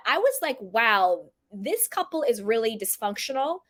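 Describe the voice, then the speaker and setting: Chatty opinionated woman, slightly high voice. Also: very animated, a little slow, bright, forceful tone. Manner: chatty, opinionated, acts out quotes in put-on voices. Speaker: reality TV commentator. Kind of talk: casual opinion commentary.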